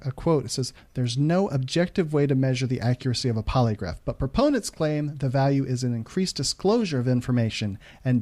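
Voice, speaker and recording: A man's voice: mid-range voice, darkish tone. A man hosting a podcast in a casual, easygoing way, joking with his co-host and reading out articles.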